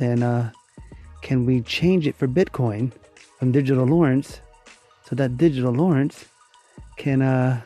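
A man's voice: medium pitch, unhurried, long pauses, warm tone, faint music behind. A man hosting his own comedy voiceover podcast, rambling and joking in a casual intro. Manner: rambling, joking, self-promoting. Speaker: podcast host.

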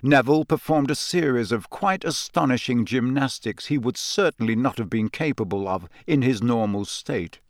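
A man reading an audiobook in steady, even scripted narration. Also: mid-range voice, moderate pace, hardly any pauses, dry recording, studio quality.

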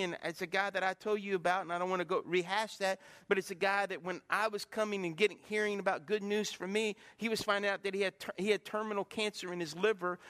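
A man with a high, somewhat bright voice preaches a sermon as pastor, calling out questions for the congregation to answer. The church gives the recording a long hall reverb.

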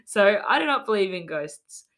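A woman's voice: mid-range voice, sing-song, moderate pace, a bit bright. A woman hosts a casual podcast and tells a spooky legend. She giggles often, stops for chatty asides, and reads old quotes aloud. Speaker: podcast host. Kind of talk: casual storytelling chat.

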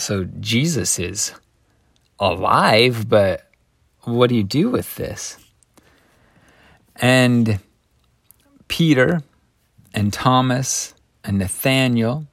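A man's voice: lowish voice, dry recording. A man teaching a Bible lesson, retelling the story in a conversational way with folksy asides. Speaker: scripture teacher.

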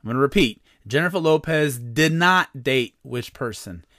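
A man's voice: medium pitch, expressive, moderate pace, a bit bright, no echo, clean studio sound. A man hosting a comedy podcast, reading quiz questions in a playful, mock-serious way. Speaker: podcast host.

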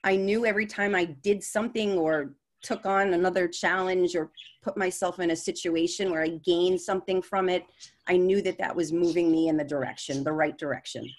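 A woman's voice: fairly low pitch, steady tone, a little fast. A woman with a New York accent, a sales coach guest on a podcast, giving earnest advice and often repeating words as she searches for phrasing. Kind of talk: candid interview conversation.

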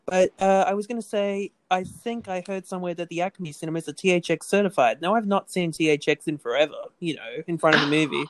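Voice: mid-range voice, quick pace, hardly any pauses. A podcast host rambling casually about film trivia, laughing at their own jokes.

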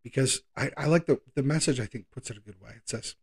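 A man preaching a sermon in a conversational way, slowing down for emphasis and speeding through quick asides. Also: medium pitch. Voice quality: gravelly, husky voice.

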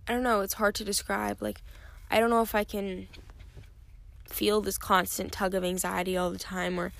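A young woman talks alone into a close podcast mic, tired and yawning as she rambles candidly with lots of fillers. Her voice has a gravelly fry. The sound is dry and close, with no room around it. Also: medium pitch, level tone, moderate pace, a bit bright, no echo. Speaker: podcast host. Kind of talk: casual solo podcast talk.

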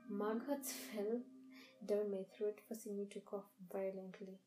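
A woman reading a first-person horror story in a measured, dramatic storytelling manner. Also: mid-range voice, steady tone, over music, rough recording. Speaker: narrator.

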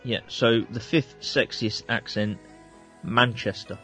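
A man's voice: medium pitch, fairly even intonation, slow pace, fairly bright tone, soft background music. A man from England co-hosting a casual radio chat, easygoing as he reads out a countdown. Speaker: radio co-host.

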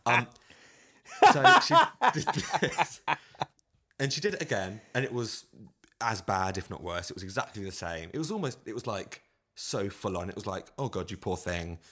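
Low-voiced man telling a lively anecdote. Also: moderate pace, slightly rough. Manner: animated anecdote telling with frequent laughter. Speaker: audition pianist. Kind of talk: casual podcast storytelling.

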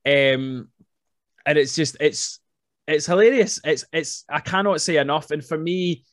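Male podcast host, upper-register voice, casual and excitable, rambling delivery with loose swearing, close dry sound. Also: on the high side, unhurried, dry recording. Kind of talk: casual film chat.

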